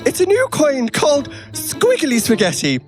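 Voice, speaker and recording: A man's voice: very high-pitched, wildly swooping pitch, moderate pace, music in the background, pitched above the performer's own voice, heavily acted. A man voicing a spiteful old woman prankster with a put-on Irish accent, squealing and teasing. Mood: scheming.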